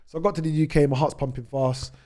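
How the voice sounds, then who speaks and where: Fast-talking British man telling travel stories. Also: a little high, steady tone, warm tone. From United Kingdom. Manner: rapid anecdotes with many restarts. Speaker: guest, travel YouTuber. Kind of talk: storytelling in a podcast interview.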